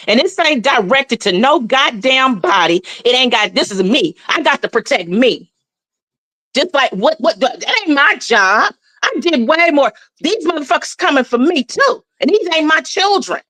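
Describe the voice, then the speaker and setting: A woman's voice: high-pitched, sharp tone, no echo. A woman in her forties with a Southern US accent, giving blunt, profane, impassioned commentary as a guest. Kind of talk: heated casual commentary.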